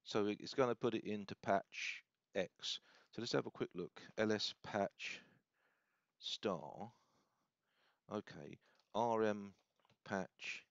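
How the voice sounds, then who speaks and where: A deep-voiced man talks through a software demo off the cuff, thinking aloud and stumbling over his own corrections. The sound is dry and close, a little dull and lo-fi, like a desk mic in a small room. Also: slow, vocal fry, long pauses, dry recording. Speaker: hobbyist demonstrating software. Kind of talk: casual screen-recorded demo.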